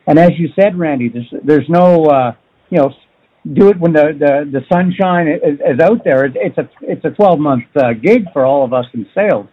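Enthusiastic husky male podcast host. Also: a little high, moderate pace, narrow, tinny audio. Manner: enthusiastic, encouraging, emphatic. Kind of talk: casual podcast interview.

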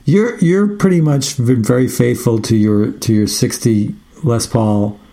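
A man hosting a radio interview with a mellow, darker tone and a middle-range pitch. He mostly listens, cutting in with short affirmations, then asks thoughtful questions. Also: measured pace, gravelly. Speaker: radio show host.

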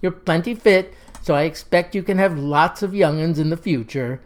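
A woman reading the part of a calm, professional doctor who explains things patiently and carefully. The voice lifts a little above the reader's usual tone in a storybook telling. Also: lowish voice, moderate pace, natural voice.

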